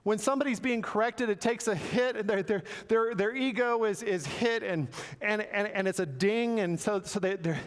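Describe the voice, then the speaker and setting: A man preaching in a church sanctuary, his fairly high voice ringing out with a long reverb from the hall. He speaks earnestly and stumbles over repeated words as he hunts for the right phrase. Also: moderate pace, clean tone. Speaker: pastor. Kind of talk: sermon.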